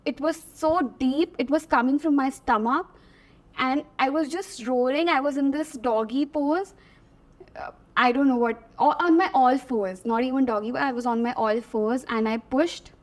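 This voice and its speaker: A young woman with an Indian English accent, telling her story as an interview guest, animated and laughing often, slipping between Hindi and English. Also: high voice, moderate pace.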